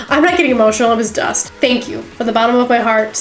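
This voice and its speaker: A woman's voice: on the high side, fast, roomy sound, faint music behind. A woman vlogging a resin craft tutorial in her home craft room, chatty and playful, full of rambling asides. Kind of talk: casual crafting tutorial chat.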